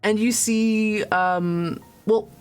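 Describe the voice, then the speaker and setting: A woman narrating as game master of a tabletop game, halting with many pauses and restarts. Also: medium pitch, steady tone, smooth, soft background music. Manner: halting, lots of ums and restarts, laughs. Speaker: dungeon master.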